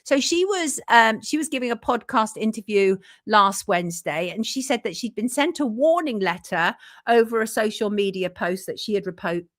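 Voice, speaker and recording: Lively high-voiced woman hosting a chat show. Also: normal speed, no echo, clean studio sound. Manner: chatty and animated, reads viewer comments aloud. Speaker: journalist and show host. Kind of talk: casual live-stream chat, reading viewer comments aloud.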